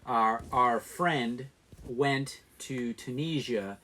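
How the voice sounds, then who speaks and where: A man's voice: mid-range voice, extremely slow, sharp tone. A man co-hosting a casual live stream, joking and laughing often as he shows off a giveaway. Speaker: co-host.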